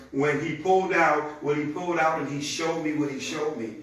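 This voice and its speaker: A man with a high, bright voice presents a product demo in a live-streamed sales pitch, speaking briskly, energetically and conversationally straight to his audience. The mic is distant in a very echoey room, with faint noise.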